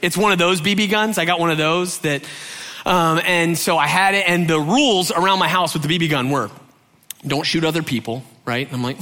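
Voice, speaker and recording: A man's voice: fairly high pitch, fairly quick. A man from Georgia in the US telling a humorous personal anecdote, acting out the voices of the people in it and often adding "right?". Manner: animated, acts out quoted voices, frequent "right?" asides. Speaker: storyteller.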